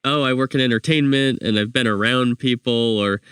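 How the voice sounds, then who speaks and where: A man's voice: mid-range voice, a bit bright, smooth, dry recording. Encouraging male podcast host, dry sound. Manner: encouraging, quick to react and laugh. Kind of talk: casual interview chat.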